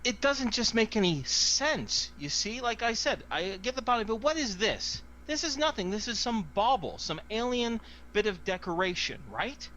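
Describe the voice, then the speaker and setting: A man's voice: fairly even intonation, normal speed, sharp tone, lo-fi sound, slight background noise, natural voice. A man voicing a paranoid, possessive male officer who grows panicked and defensive. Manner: high, strained, defensive.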